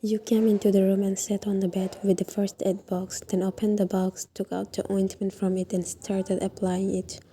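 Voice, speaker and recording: A woman narrates a sad story in the second person, her voice very dark and mellow with a steady gravelly fry. She reads on a flat, even line, slow and soft, now and then falling into a whisper. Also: medium pitch, slight background noise. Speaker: fan fiction narrator.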